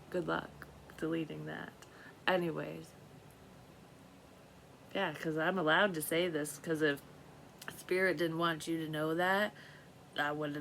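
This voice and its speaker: A woman's voice: deep voice, creaky, a bit bright, slight background noise, rough recording. A woman vlogging in a rambling, profane monologue, talking to herself and now and then dropping into a whisper. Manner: profane, scattered, talks to herself, drops into whispers. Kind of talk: rambling psychic vlog monologue.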